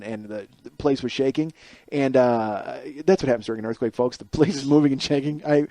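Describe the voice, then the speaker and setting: A male podcast host and stand-up comedian delivers a casual, rambling, self-deprecating solo monologue into a close mic. His voice is mid-range and warm, with no room sound.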